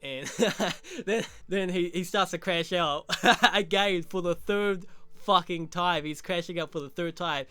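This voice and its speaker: A man's voice: high-pitched, a little slow, sharp tone, clear, resonant tone, no room sound. A young man recapping a show in casual, crude, laughing commentary full of slang. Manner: crude, laughing, rambling slang-heavy talk. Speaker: show reviewer.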